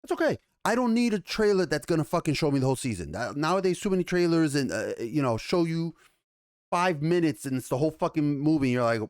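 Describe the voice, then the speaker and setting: A man hosting a casual trailer reaction, excitable and chatty, swearing freely. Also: on the high side, brisk, no room sound, studio quality.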